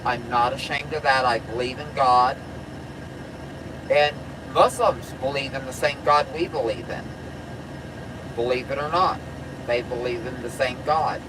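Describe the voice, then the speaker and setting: A woman's voice: sits low, slight background noise, poor audio. A woman truck driver chatting on a live stream, blunt and profane, rambling from one topic to the next. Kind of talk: casual live-stream chat.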